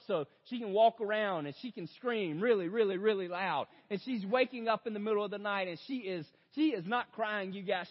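A young adult man preaching a sermon as a story, talking straight to his listeners and swinging between loud outbursts and hushed reflection. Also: high-pitched. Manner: storytelling, addresses audience as "you guys". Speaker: pastor. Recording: dull lo-fi sound in a big reverberant hall.

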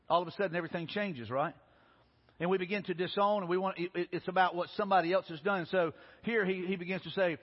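A male pastor preaches earnestly, frequently restarting and repeating words. He talks fast in a high voice, and the recording sounds dull, as if made in a reverberant hall.

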